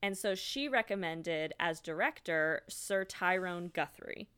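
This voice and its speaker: A woman's voice: fairly low pitch, expressive, measured pace, a bit bright, clean tone. A woman co-hosting a podcast, telling a history story in casual chat and laughing often. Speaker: podcast co-host.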